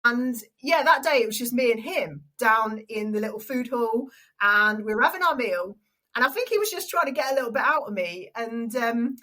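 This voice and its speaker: A young adult woman with an English accent, a stadium announcer and radio presenter telling an animated story in an interview. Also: a little high, moderate pace, poor audio. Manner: animated storyteller, acts out quoted voices.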